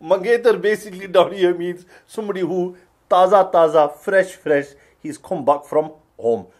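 Animated man in mocking banter. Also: sits high, normal speed. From England. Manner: animated, laughing along, mocking. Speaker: co-host.

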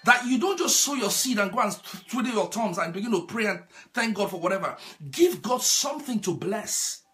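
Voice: mid-range voice, expressive, brisk, a bit bright, soft background music. A preacher delivering a sermon, repeating key phrases and asking the congregation rhetorical questions.

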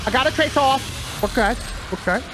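High-pitched excitable man gaming. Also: normal speed, background noise. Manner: excitable, talks to himself, yelps when panicked. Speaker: gaming channel host. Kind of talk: live gameplay commentary.

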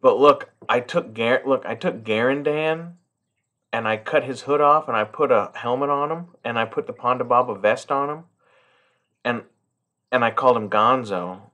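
A man's voice: medium pitch, normal speed, a bit bright. A middle-aged man chatting casually and profanely as he unboxes a toy collector's gift, rambling and heartfelt.

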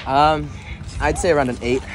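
A man's voice: on the high side, fairly even intonation, normal speed, very noisy. A young man sitting in an ice bath outdoors, giving short, shivering answers in casual chat.

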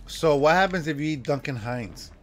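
A man streaming a horror game, reacting with loud exclamations and frequent laughter. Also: fairly high pitch, animated, normal speed, a little hiss or hum, low-quality recording. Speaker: livestreamer. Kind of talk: excited gameplay commentary.

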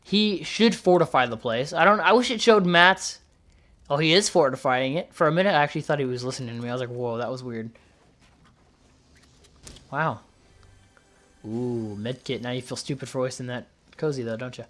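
A man giving casual, chatty commentary on gameplay, excitedly calling out moves and tossing in "dude" and "bro.". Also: mid-range voice, fast. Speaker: gaming YouTuber.

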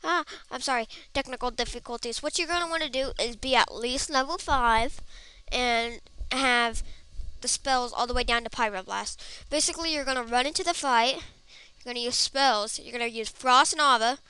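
A woman's voice: on the high side, moderate pace, bright, forceful tone, clean tone, dry recording. A woman giving goofy, rambling commentary on her gameplay, humming silly sound effects between lines. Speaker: game video player.

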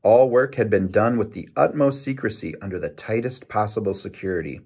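A man reading a children's novel aloud in a lively storytelling manner, with small self-corrections. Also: lowish voice, fairly quick, breathy edge. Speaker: reader.

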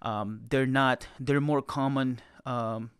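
A man's voice: mid-range voice, steady tone, slow pace, clear, resonant tone, no room sound, clean studio sound. A Tagalog-speaking man from the Philippines, explaining things thoughtfully in casual podcast chat. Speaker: podcast host.

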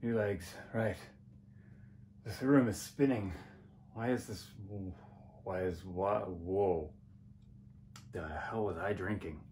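A man's voice: low-pitched, slow pace, long pauses, darkish tone, a little hiss or hum. A man from America playing a freshly regenerated time traveler who mutters and rambles in a daze, in a fan comedy sketch. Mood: dazed grumbling. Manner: dazed, muttering, rambling and self-correcting.

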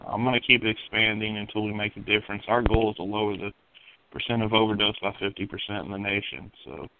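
A man's voice: lowish voice, steady tone, fast talker, noisy background. A man talking earnestly and steadily as a guest on a radio show, with frequent ums. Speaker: guest, addiction recovery outreach leader. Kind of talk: casual radio interview. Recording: lo-fi phone-like sound.

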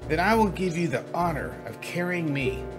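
A man's voice: a little high, animated, normal speed, pitched above the performer's own voice, lightly acted. A man voicing a haughty, bossy young fish princess from a video game, reading her lines with indignant emphasis. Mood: imperious. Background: game music.

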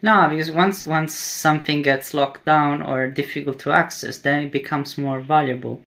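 A man in a casual chat, speaking hesitantly and haltingly, with many fillers. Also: a little high, steady tone, vocal fry, fairly bright tone.

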